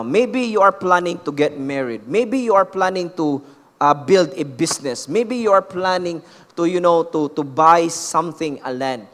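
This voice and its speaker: Filipino pastor preaching in an echoey hall. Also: male voice, on the high side, a bit bright. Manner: switches between languages, emphatic, leads call-and-response. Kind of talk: sermon. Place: church hall.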